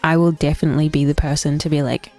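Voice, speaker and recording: A woman's voice: sits low, flat delivery, quick pace, warm tone, soft background music. A young woman streaming a game and chatting casually, telling stories bluntly, swearing freely and laughing between them. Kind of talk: casual chat on a gaming stream.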